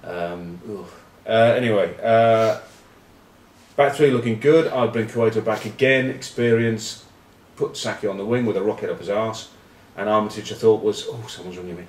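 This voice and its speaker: Low-voiced rugby pundit, echoey. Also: male voice, moderate pace. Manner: rambling, wry, cheeky. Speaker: rugby pundit and vlog host. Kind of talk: casual rugby chat to camera. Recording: roomy echo, distant mic.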